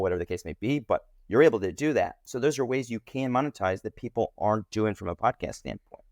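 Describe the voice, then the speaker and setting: Animated low-voiced man, dry sound. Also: quick pace, hardly any pauses, dry recording. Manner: animated, lively pitch jumps. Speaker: podcast guest. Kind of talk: casual interview conversation.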